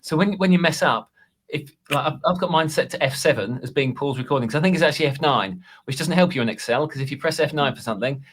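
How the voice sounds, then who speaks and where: A man chatting casually on a podcast about making course videos, self-deprecating and halting, restarting his sentences often. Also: a little high, husky. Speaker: Excel course creator and guest.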